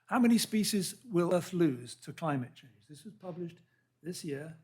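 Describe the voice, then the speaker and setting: Earnest man lecturing, husky. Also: a little high, animated, a little mellow. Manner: earnest, halting, with restarts and read-out quotes. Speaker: lecture speaker. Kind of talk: public science lecture. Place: lecture hall.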